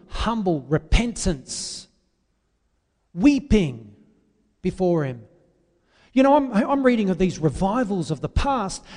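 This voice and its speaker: A man preaching an impassioned sermon, swinging between loud, drawn-out pleas and quiet, confessional asides. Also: sits high, long reverb tail.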